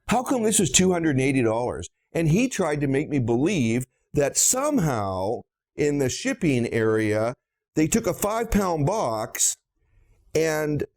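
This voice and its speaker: A man's voice: on the high side, vocal fry, a little mellow. A middle-aged man, a dentist, lecturing bluntly on practice finances with emphatic storytelling and rhetorical questions.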